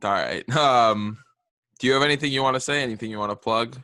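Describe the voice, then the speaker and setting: A man's voice: mid-range voice, fast talker, pushed and bright, clear, resonant tone, no room sound, clean studio sound. A young man hosting a casual interview, asking brief, easygoing questions. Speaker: podcast host.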